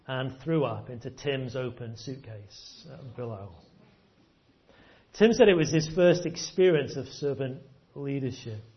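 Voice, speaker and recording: A man's voice: medium pitch, lo-fi sound. A man preaching a sermon, earnest, often repeating words as he stresses a point.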